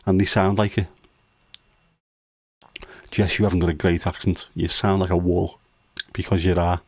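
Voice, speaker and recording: Teasing low-voiced dad. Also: male voice, little pitch movement, moderate pace, a little mellow, no room sound. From United Kingdom. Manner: teasing, jokey dad humor. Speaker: livestream host. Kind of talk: casual livestream chat.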